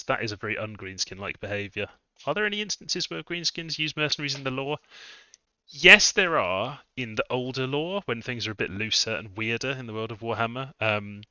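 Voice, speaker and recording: A man's voice: mid-range voice, bright, forceful tone, clear, resonant tone, no echo. A man thinking aloud as he live-streams a strategy game, musing over his moves. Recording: dull lo-fi dry mic sound.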